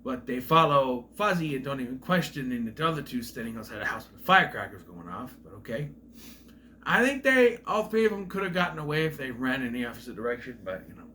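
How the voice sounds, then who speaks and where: A man's voice: mid-range voice, very animated, a little fast, slight background noise. Rambling man recapping a movie. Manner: rambling, with restarts and asides; voices characters with loud exaggerated quotes. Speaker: film reviewer. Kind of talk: casual movie plot recap.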